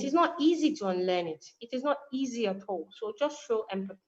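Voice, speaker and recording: A woman with a high voice tells a personal story, acting out the lines of the people in it. The recording sounds dull and lo-fi. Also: fairly quick, hardly any pauses. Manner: animated storytelling with quoted dialogue. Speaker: guest speaker. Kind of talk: conversational explanation.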